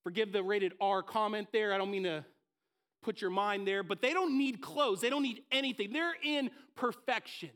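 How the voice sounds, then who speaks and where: A man preaching a sermon in a conversational, energetic way, acting out the voices in the stories he tells. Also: sits high, moderate pace.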